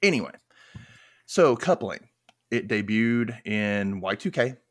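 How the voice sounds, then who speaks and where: Chatty American man with lively pitch. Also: slow, no echo, clean studio sound. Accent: Mississippi Southern American. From United States. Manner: rambling, chatty, laughs at his own jokes. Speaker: podcast host. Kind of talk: casual podcast chat.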